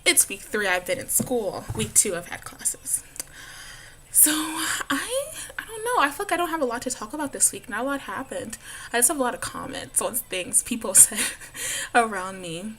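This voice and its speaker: A woman's voice: a little high, sing-song, moderate pace, sharp tone, a little hiss or hum. A young woman in college chatting casually in a vlog, bubbly and giggly, with lots of "like" in her talk. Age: young adult. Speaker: college student vlogger.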